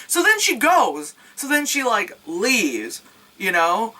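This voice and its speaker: Animated, bright-voiced woman reviewer. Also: a little high, slow pace, poor audio. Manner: animated, sarcastic, swears freely, acts out scenes with yelps. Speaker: movie reviewer. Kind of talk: casual profane movie recap.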